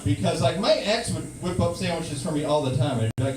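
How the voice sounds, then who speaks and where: Man doing deadpan stand-up in a roomy club. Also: a little high, quick pace. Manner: deadpan, ironic delivery. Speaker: stand-up comedian. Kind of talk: stand-up set. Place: live comedy club. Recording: roomy, distant live room recording with noise.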